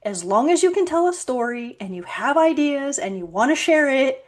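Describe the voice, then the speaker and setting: A woman hosts a casual podcast chat, her voice sitting high at a normal speed. She's an animated storyteller who acts out the quotes in her stories and laughs often.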